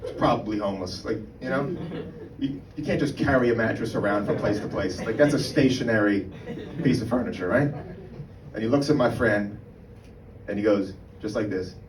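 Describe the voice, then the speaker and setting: A man's voice: fairly low pitch, moderate pace. A man doing a stand-up comedy set on a club stage, talking in a conversational, profane way and often checking in with "right?". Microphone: mic on a stand. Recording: roomy live room, mic far off, background noise.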